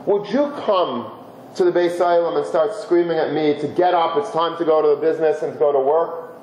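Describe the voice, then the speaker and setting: A man's voice: a little high, fairly quick, a little mellow, reverberant, slight background noise, natural voice, poor audio. Man doing an earnest older shopkeeper. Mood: resolute. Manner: earnest, pleading reasoning. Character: weary older shopkeeper husband, earnest and resolved.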